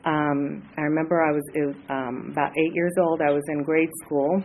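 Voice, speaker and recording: A woman in her late fifties, from the Los Angeles area, sharing her story at a recovery meeting, hesitant and earnest with many pauses. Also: sits low, little pitch movement, a little mellow, slight background noise, poor audio. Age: 50s. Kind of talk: personal share at a support meeting.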